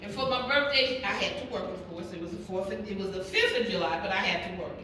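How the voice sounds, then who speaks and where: A woman's voice: medium pitch, fast, bright, forceful tone. A woman leading a Bible study, telling her own story in testimony style and acting out the voices of the people in it. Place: church hall. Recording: echoey room from a distance, with background noise.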